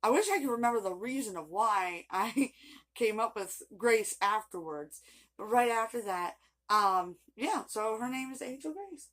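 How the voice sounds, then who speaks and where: A woman's voice: on the high side, animated, measured pace, a bit bright, a little hiss or hum. A woman telling a long personal story in a casual vlog, rambling and chatty with frequent laughs. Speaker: vlogger.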